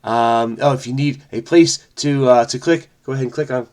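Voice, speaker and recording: A man's voice: mid-range voice, moderate pace, darkish tone. A man hosting a crossword video, chatting in a frenetic, rambling way and often interrupting himself. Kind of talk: casual solo commentary.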